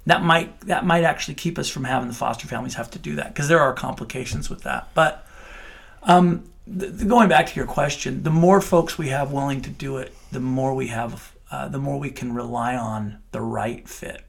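A man's voice: mid-range voice, normal speed, gravelly. A middle-aged man working in child welfare, answering interview questions in an earnest, heartfelt way with many restarts.

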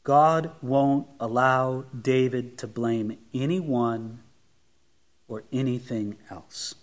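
A male pastor delivering a sermon, animated and emphatic, asking the congregation rhetorical questions and swinging between emphatic rises and hushed drops. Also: mid-range voice, slow pace. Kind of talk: expository sermon.

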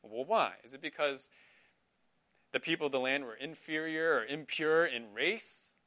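In this interactive Bible class, a middle-aged man asks his Sunday school students questions and affirms their replies. He speaks a little high at a moderate pace, with a pushed, bright quality.

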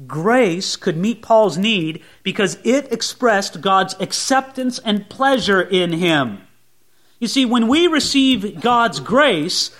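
A male pastor preaching a sermon, swinging between soft, low asides and raised, emphatic lines.

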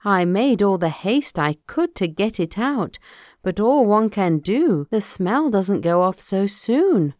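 A woman's voice: mid-range voice, very animated, slow pace, a little mellow, no room sound, studio quality. Lady doing a clever young princess, earnest, voice goes up and down a lot. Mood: soothing.

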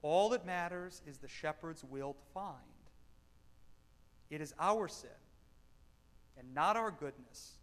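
High-voiced preacher man in a reverberant hall. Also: measured pace, long pauses. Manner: emphatic, swinging between loud stresses and quiet asides. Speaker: pastor. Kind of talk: sermon with read-aloud passages.

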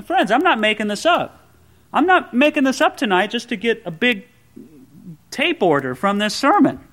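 A man's voice: sits high, sharp tone. A man preaching a sermon to a congregation, earnest and emphatic, with pointed rhetorical questions. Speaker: pastor.

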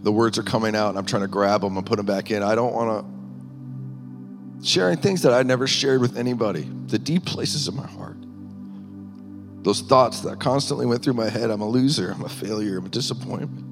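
A man sharing a personal testimony in a sermon, earnest and halting, with small laughs between thoughts. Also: lowish voice. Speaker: minister. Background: music.

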